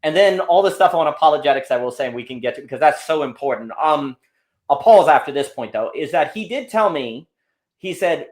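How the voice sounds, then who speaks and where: A man's voice: fairly high pitch, fairly quick. A man talking as a guest in a casual conversation, telling rambling stories full of restarts and asides. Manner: animated, rambling storytelling with frequent restarts. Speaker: podcast guest.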